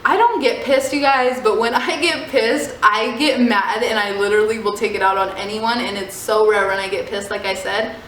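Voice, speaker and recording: Young woman, fairly high voice, animated swearing storyteller, echoey room with faint hiss. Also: normal speed, few pauses. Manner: animated, swearing, heavy use of "like". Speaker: storyteller vlogger. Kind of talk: casual storytime vlog.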